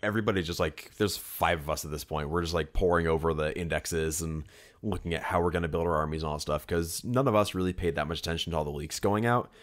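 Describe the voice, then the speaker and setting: A man with a deep, low voice co-hosts a casual podcast chat. He rambles through his stories with plenty of fillers, restarts and asides, in a relaxed, everyday way. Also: fast talker. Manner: rambling, filler-heavy storytelling. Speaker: podcast co-host.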